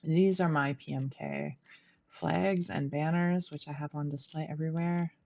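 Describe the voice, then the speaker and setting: Middle-aged woman streamer, low chatty voice, dull lo-fi home mic. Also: fairly even intonation, normal speed, vocal fry, darkish tone. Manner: chatty, laughs often, self-deprecating. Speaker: game streamer. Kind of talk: casual gameplay commentary.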